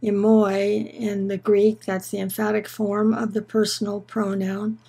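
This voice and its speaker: A woman giving a scripted Bible lesson in a measured, earnest way, slowing down on key words for emphasis. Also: medium pitch, level tone, creaky, mellow, husky, low-quality recording. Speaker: Bible teacher. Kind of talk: scripted teaching narration.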